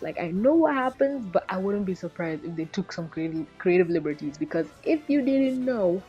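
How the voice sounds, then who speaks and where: A woman giving a casual anime episode review in an animated, rambling way, swearing freely. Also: on the low side, normal speed, hardly any pauses. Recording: dull lo-fi recording with faint background music.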